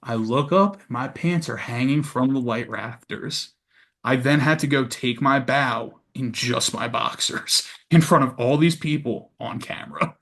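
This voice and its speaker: Brief: male actor guest, lively profane anecdotes, casual chat. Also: mid-range voice, a little slow. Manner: animated, profane anecdote telling. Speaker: podcast guest, actor and educator. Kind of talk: casual storytelling.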